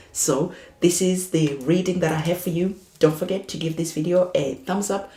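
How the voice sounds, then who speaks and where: Tarot reader, spiritual reading, soothing, reassuring, repetitive, mellow tone, echoey room. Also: medium pitch, fairly even intonation, normal speed, hardly any pauses.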